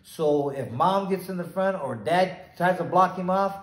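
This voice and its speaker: A man's voice: high voice, measured pace, reverberant, low-quality recording. Talkative middle-aged man, rambling story. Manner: rambling, acts out both sides of dialogue. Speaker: former boxer, bail bondsman. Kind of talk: casual storytelling interview.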